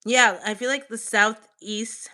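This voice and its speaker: A woman's voice: fairly high pitch, fairly even intonation, slow, sharp tone. A woman streamer in casual livestream chat with viewers, playful and teasing, with casual swearing, snacking while she talks.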